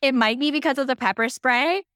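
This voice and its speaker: Bright-voiced woman chiming in agreeably. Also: high voice, brisk, clear, resonant tone, no room sound, clean studio sound. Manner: agreeable, frequent short affirmations. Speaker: podcast co-host. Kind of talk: casual book recap chat.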